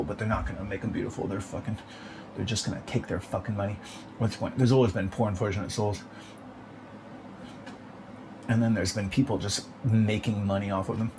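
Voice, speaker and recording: A man's voice: lowish voice, brisk. Bitter, profane man ranting, noisy background. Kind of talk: ranting monologue.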